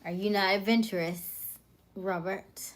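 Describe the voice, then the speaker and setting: A woman's voice: medium pitch, fairly even intonation, a little slow. A woman hosting a casual livestream, reading viewers' comments and rattling off personality traits in short, upbeat lists. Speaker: livestream host.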